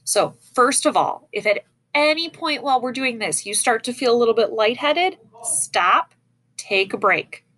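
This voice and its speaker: Her voice sits on the high side, unhurried, with lively intonation and a sharp tone. Sitting in a chair indoors facing a camera, she patiently gives children an online music lesson and demonstrates breaths along the way.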